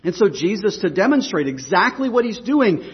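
A man preaches with a high, slightly husky voice, working through the text and putting questions to his congregation. His words hang in the long reverb of a church hall. The recording is muffled and dull. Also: very animated, normal speed. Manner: explanatory, asks the congregation questions. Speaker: pastor. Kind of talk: sermon.

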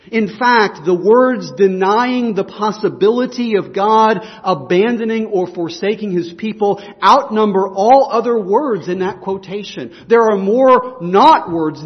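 Slow, high-voiced male preacher. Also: big pitch swings, big-room sound, muffled recording. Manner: earnest, emphatic preaching with repeated restarts. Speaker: pastor. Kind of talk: sermon.

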